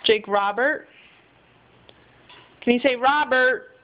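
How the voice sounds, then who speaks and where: A young mother at home, talking to her toddler in a drawn-out, sing-song, coaxing way. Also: on the high side. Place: at home, indoors. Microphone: home video camera. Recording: muffled home video with hiss.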